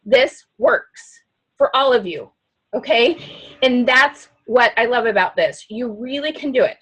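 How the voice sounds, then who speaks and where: A loud, outgoing woman giving an animated coaching talk to a sales team. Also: fairly high pitch, measured pace, breathy edge, muffled recording. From not from the Midwest.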